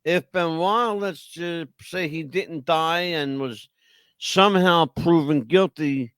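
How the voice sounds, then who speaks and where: A man co-hosts a live podcast, reading chat messages and chatting rowdily, swearing freely and filling gaps with "you know." His voice is a little high, fairly bright and clean, and he takes it slowly, in a dry recording.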